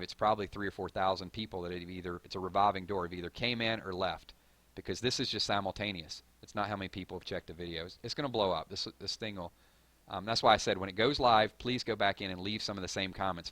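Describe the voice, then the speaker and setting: A man with a Southern drawl hosting a live stream, reading viewer comments and hyping up his audience in a rambling, excitable way. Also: on the low side, no room sound. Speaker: gaming channel host.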